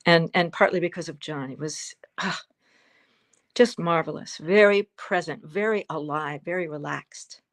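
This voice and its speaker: A woman in her seventies answering interview questions as a guest actress, telling fond stories with pauses and fillers. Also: low voice. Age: 70s. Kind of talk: interview answers over a livestream.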